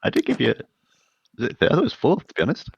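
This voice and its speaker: A man running a tabletop game as game master, giving rulings in a relaxed, conversational way. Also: medium pitch, a little fast, gravelly, breathy edge, muffled recording.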